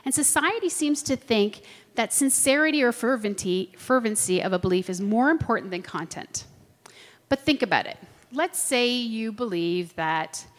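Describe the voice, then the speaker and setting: A middle-aged woman teaching a class, lively and chatty, often checking that her listeners follow. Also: medium pitch. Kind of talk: classroom lecture with personal anecdotes. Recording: long hall reverb.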